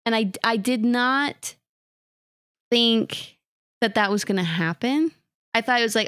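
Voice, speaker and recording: Bubbly young woman on a podcast, kinda high voice, super dry mic. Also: animated, unhurried, pauses often, dry recording. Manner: bubbly, gushing reactions. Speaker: podcast co-host. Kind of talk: casual chat.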